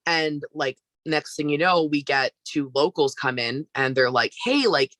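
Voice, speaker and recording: Woman, from canada, bright tense voice, dry close sound, chatty storyteller. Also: low voice, measured pace, dry recording. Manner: animated, filler-heavy storytelling. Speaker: podcast guest, wrestler. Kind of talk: casual storytelling interview.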